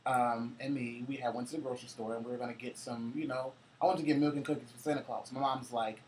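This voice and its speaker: A man's voice: mid-range voice, little pitch movement, fast, darkish tone, slight background noise. A man co-hosting a casual chat, telling loose, profane holiday stories with frequent laughter. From Cincinnati, US. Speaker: co-host.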